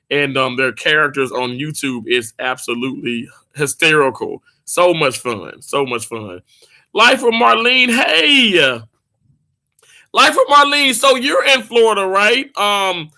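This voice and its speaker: A man chatting casually with viewers on a live stream, animated and talkative, laughing easily and often restarting his sentences. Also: sits high.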